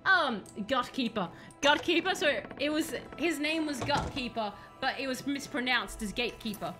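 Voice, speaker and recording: A woman's voice: sits high, animated, moderate pace, over music. A young woman streaming a video game, chatting casually with playful, rambling jokes. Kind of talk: casual live-stream chat while playing.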